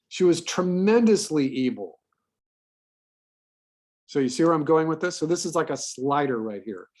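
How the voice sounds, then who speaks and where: A man's voice: mid-range voice, a little mellow. A man teaching a class, talking through a worksheet in a loose, rambling way with many fillers and repeated words. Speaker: voice acting teacher. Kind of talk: classroom lecture.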